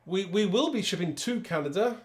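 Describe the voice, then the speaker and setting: A man's voice: high voice, lively intonation, brisk. A man hosting a live card-making demonstration, chatting to viewers as he works. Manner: chatty, talks to viewers while working. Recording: echoey room with faint background noise.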